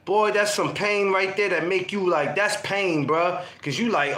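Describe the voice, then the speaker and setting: This podcast co-host has a high-pitched voice and keeps a measured pace. In a casual group chat, he tells stories with animation and acts out teenage scenes, and the room sound is spacious.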